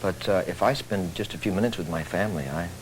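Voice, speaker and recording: A man's voice: low voice, quick pace, slight background noise, poor audio. A middle-aged man from Texas, a stage actor speaking earnestly, with dry humor, as a TV talk show guest. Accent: Texan.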